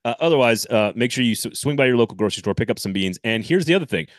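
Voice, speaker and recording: A man co-hosting a casual sports podcast, animated and rambling, often laughing and restarting. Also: mid-range voice, rapid-fire, no echo, studio quality. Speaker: podcast co-host.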